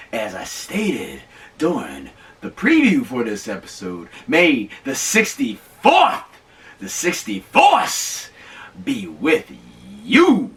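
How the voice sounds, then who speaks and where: Animated, bright-voiced man reviewing movies. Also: sits high, recorded from a distance. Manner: animated and emphatic, slangy, stretches words for emphasis. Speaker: host of a movie review show. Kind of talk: casual movie review vlog.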